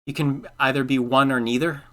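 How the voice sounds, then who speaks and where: A man's voice: medium pitch, little pitch movement, brisk, sharp tone. A young man hosting a casual podcast chat, giving earnest advice with lots of filler words. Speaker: podcast host.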